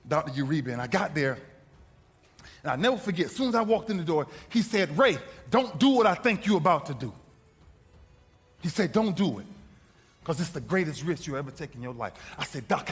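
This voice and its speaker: Husky, high, animated man telling a dramatic motivational story; reverberant hall with faint music underneath. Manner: intense, dramatic, acts out dialogue. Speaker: motivational speaker.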